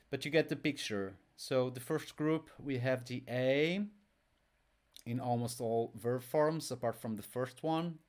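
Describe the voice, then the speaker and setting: A man teaching an online language lesson, patient and repetitive, drilling each word aloud. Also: medium pitch. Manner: slow, patient, repeats words for drill.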